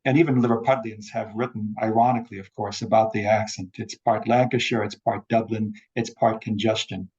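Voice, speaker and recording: A man giving an academic talk over a video call, measured and explanatory. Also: fairly low pitch, steady tone, a little mellow, muffled recording. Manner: measured lecturing, quotes examples. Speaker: academic speaker. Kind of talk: online forum talk.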